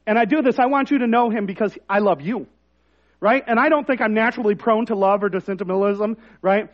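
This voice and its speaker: A man's voice: sits high, fast. Guy preaching a sermon, casual and joking then punchy, kinda muffled lo-fi sound. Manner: conversational, self-deprecating, rising to emphatic. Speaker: pastor.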